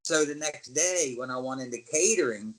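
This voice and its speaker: Animated man telling wrestling-style tales. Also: mid-range voice, normal speed, crowd noise, low-quality recording. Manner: animated storyteller who acts out other people's lines; swears casually. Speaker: interview guest, former wrestler. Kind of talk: casual storytelling interview.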